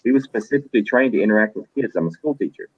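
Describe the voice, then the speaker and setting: A man casually telling funny stories in a chat, quoting people in animated voices. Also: lowish voice, very fast, slightly rough, lo-fi sound. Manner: animated anecdotes with quoted voices. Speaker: host.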